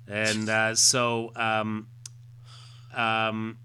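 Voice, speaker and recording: A man's voice: medium pitch, normal speed, sharp tone. A Canadian man co-hosting a podcast, casually reading a comic aloud with fillers and sound effects. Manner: chatty, many fillers, acts out sound effects. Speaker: podcast co-host.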